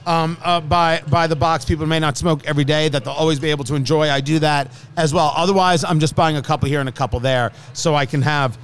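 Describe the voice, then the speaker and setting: A man's voice: on the high side, steady tone, fast, hardly any pauses, a little hiss or hum. A man hosting a food and drink talk show, joking and teasing his co-host in casual banter.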